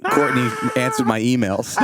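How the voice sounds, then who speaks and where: A man's voice: a little high, bright, forceful tone, husky, dry recording, studio quality. A man with a New Jersey accent, a comedian guest rambling and joking at his own expense in casual podcast chat. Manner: rambling, self-deprecating, laughs often.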